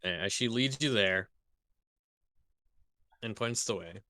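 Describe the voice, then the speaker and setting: Slow, halting game master man. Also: fairly low pitch, sharp tone, dry recording. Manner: halting, full of ums and self-corrections. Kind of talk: narrating a tabletop game.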